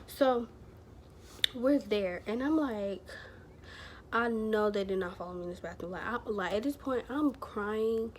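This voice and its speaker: A woman's voice: medium pitch, unhurried, slight background noise. Chatty woman rambling through a story. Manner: rambling, chatty, heavy use of filler words and slang. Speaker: vlogger. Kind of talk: casual storytelling to camera.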